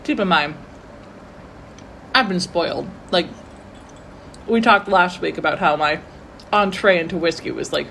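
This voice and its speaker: A woman co-hosting a casual whiskey tasting, chatty and quick to laugh at herself. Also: fairly low pitch, gravelly, fairly bright tone, a little hiss or hum. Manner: chatty, laughs often, self-deprecating.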